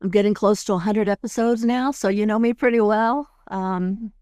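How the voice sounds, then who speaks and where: A middle-aged woman hosting a podcast, calmly guiding listeners step by step through a tapping routine and often checking in with "right?". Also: mid-range voice, moderate pace, smooth, dry recording, studio quality. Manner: calm, guiding, demonstrates steps. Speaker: podcast host and tapping coach. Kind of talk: instructional podcast talk.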